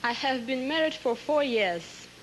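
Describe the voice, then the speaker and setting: A pageant contestant from the Soviet Union with a Russian accent, a native Russian speaker answering in halting English in a live stage interview. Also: female voice, high voice, animated, slight background noise, poor audio. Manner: hesitant halting English, searching for words.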